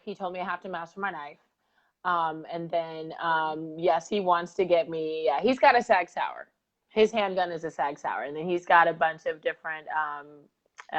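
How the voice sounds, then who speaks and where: A woman co-hosting a casual conversation, speaking candidly and reflectively about her relationship, with frequent fillers and laughs. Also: low voice. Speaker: co-host. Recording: dull lo-fi audio.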